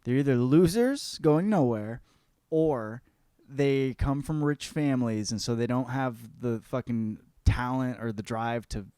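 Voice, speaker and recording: A man's voice: mid-range voice, a little slow, warm tone, clean tone, no echo. Profane rambling man host, dry close sound. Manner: profane, rambling, puts on voices for characters. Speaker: podcast host. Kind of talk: crude comedic book report.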